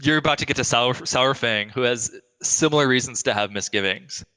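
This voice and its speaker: A man co-hosting a casual discussion, excitable and jokey, swearing casually. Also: medium pitch, brisk, clean tone, in a large hall. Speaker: podcast co-host.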